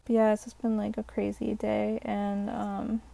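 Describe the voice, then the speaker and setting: A woman's voice: mid-range voice, monotone, measured pace, creaky, mellow. A young woman vlogger telling a rambling, exasperated storytime in a hotel room, full of fillers. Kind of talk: casual storytime.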